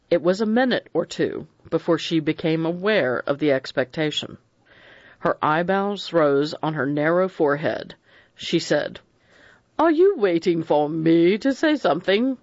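A man reading an audiobook in a measured storytelling manner. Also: fairly high pitch, vocal fry, no echo. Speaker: audiobook reader. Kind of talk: audiobook narration. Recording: dull, dry lo-fi recording.

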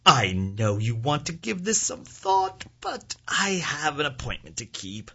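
A man's voice: medium pitch, very animated, unhurried, creaky, pushed and bright, husky, muffled recording, heavily acted. A man voicing a smug, bureaucratic male genie who feigns sympathy and speaks with mock-apologetic swoops.

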